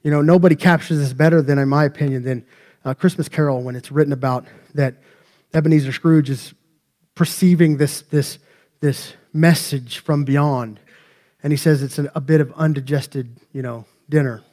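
Casting: male pastor, slightly high voice, chatty sermon with humorous asides to the congregation. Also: steady tone, moderate pace, mellow. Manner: conversational, joking asides to the congregation. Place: church sanctuary.

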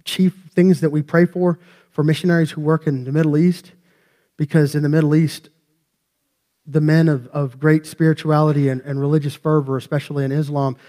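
A man's voice: a little high, flat delivery, fairly quick, warm tone. Man preaching a joking, conversational sermon. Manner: conversational, joking asides to the congregation. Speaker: pastor. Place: church sanctuary.

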